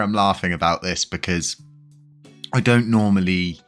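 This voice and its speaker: A crypto news vlogger with a very deep, low voice talks straight to camera at a moderate pace, with soft music quietly behind him. His commentary is casual and unscripted, chatty, and full of ums and restarts, with the occasional chuckle.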